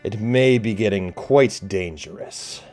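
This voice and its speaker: Man doing a booming cult leader in a tabletop game, loud and grand, faint music behind. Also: expressive. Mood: ominous. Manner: grand, slow proclamations. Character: menacing male fire cult leader.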